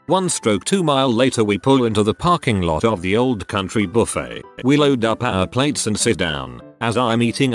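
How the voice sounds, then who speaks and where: A man narrating online posts as scripted storytelling, with a lively delivery. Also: lowish voice. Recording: faint music bed behind.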